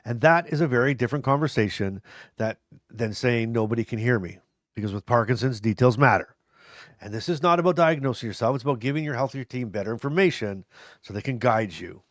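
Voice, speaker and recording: A man's voice: medium pitch, expressive, fairly quick, no echo. Earnest, encouraging male podcast host. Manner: self-deprecating humor. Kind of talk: casual podcast talk to viewers.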